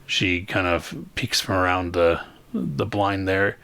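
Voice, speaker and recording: A man narrating as game master of a tabletop game, describing scenes in a halting way with many fillers. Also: deep voice, gravelly, pushed and bright, smooth.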